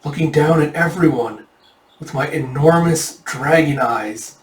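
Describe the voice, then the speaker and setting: Guy reading out a brooding young dragon warrior, quiet and ominous, kinda far off in a roomy space. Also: on the high side, unhurried, a little hiss or hum, natural voice. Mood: quietly ominous. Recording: roomy, distant mic.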